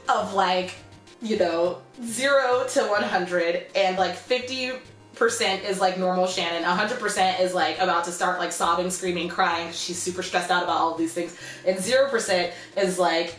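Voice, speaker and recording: A young American woman telling a rambling, animated storytime in a casual vlog, full of "like" and "you know". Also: medium pitch. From United States. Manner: animated, rambling, heavy use of "like". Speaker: vlogger. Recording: roomy echo with faint music.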